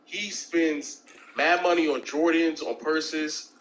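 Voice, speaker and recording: A man's voice: slow pace, slight background noise, rough recording. A man telling stories in casual chat and acting out the people in them with jumps in his voice. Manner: animated, acts out quoted voices with big pitch jumps.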